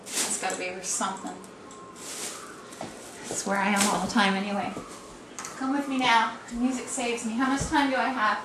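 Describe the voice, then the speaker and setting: A woman's voice: fairly high pitch, fairly even intonation, moderate pace, pauses often. A woman chatting casually to camera at home, rambling and self-deprecating as she jumps from one thought to the next. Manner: quirky, meandering, self-deprecating. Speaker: vlogger. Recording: echoey room, distant mic, noisy background.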